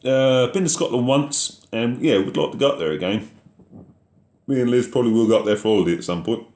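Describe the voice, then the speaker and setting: A man's voice: medium pitch, a little fast, a little mellow, echoey room. A man hosting a casual live question-and-answer chat about farming, reading out viewer messages and answering them in an easygoing way.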